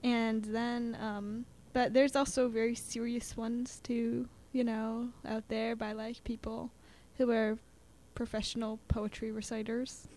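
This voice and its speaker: Chatty student guest, woman, slightly high, rambling and animated with fillers. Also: a little slow, few pauses. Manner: chatty, lots of fillers, acts out quotes. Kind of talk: casual chat about poetry.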